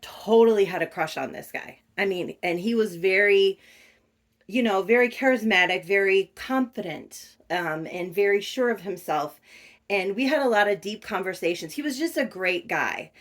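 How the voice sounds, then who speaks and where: A chatty middle-aged woman tells a story to her viewers, gushing and animated as she goes. Her pitch sits right in the middle for a woman. She sounds relaxed and at ease, as if she is talking from her own bedroom at home. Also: moderate pace. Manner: animated, gushing, addresses viewers as "you guys". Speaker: reborn doll collector vlogger.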